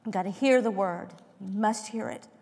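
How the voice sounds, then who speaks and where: A woman preaching a sermon who asks rhetorical questions and moves between loud emphasis and hushed tones. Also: mid-range voice, normal speed, gravelly. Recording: long hall reverb.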